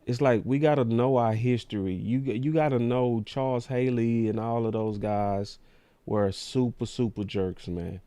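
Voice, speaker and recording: A man's voice: medium pitch, a little slow, warm tone, clear, resonant tone, no room sound. A man hosting a sports talk show, ranting in a casual, slangy way.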